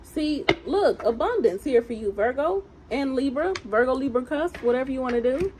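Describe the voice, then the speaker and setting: A woman's voice: high-pitched, normal speed. Emphatic tarot-reading woman, Southern drawl. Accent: American Southern country. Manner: animated, emphatic, chatty and teasing. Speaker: tarot reader. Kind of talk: casual tarot reading for viewers. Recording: noisy home recording.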